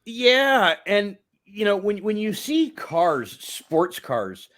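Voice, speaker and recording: A man's voice: big pitch swings, slow pace, a bit bright. A man co-hosting a movie review show, rambling casually with swearing and frequent laughter. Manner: rambling, laughs often, swings pitch widely. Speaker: movie review podcast co-host.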